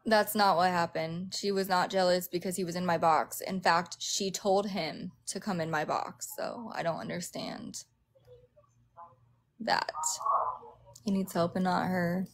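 A woman's voice: on the low side, fairly even intonation, measured pace, slight background noise. A woman chatting casually on a live stream, laughing often and acting out what other people say. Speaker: livestream host; crisis counselor.

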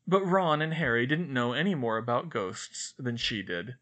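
A man reading a novel aloud as an audiobook narrator, expressive and animated. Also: mid-range voice, normal speed, hardly any pauses.

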